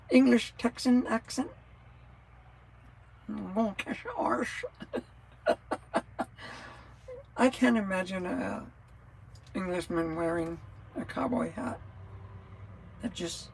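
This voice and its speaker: A woman's voice: medium pitch, creaky, a little hiss or hum, rough recording. A woman chatting casually on a live stream, rambling from thought to thought and answering viewers' comments as she goes. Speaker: livestreamer.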